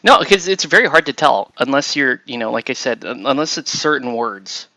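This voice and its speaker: A man's voice: mid-range voice, expressive, normal speed, sharp tone, dry recording, rough recording. A man hosting a casual chat while assembling miniatures, rambling and chuckling as he trails off and restarts. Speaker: host.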